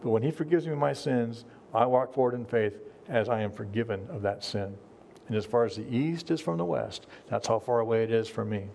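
A man's voice: mid-range voice, fairly quick, vocal fry, darkish tone, slight background noise. A middle-aged man preaching a sermon to his congregation in an earnest, conversational way, often restarting his sentences. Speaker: pastor.

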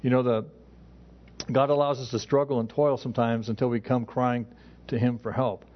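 A man's voice: medium pitch, little pitch movement, normal speed. Man preaching conversationally, lo-fi sound. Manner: conversational preaching with frequent restarts. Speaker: pastor. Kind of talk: sermon. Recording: dull lo-fi recording.

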